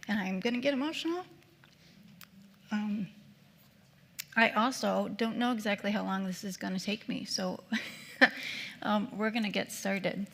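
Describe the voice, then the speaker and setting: A woman opens her guest lecture with a gravelly, bright edge to her voice. She talks in a chatty, self-deprecating way, full of ums and restarts. Her voice rings through a reverberant lecture hall. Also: medium pitch. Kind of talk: nervous, chatty public lecture.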